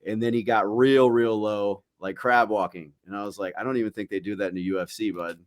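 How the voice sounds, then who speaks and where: A man's voice: on the low side, a little fast, no room sound, clean studio sound. A young man on a podcast, telling a profane anecdote in casual chat and acting out what other people said. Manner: profane, animated anecdote-telling with acted-out quotes. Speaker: podcast co-host.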